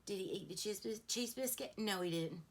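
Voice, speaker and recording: This beauty vlogger is a middle-aged woman whose mid-range voice moves at a fairly quick clip. She keeps the get-ready-with-me chat casual, rambling through anecdotes and veering into frequent side comments.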